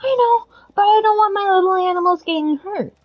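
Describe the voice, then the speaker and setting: A woman voicing an excited, curious and kind-hearted little boy in a high, piping child's voice. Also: a little fast. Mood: eager. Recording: dull lo-fi recording.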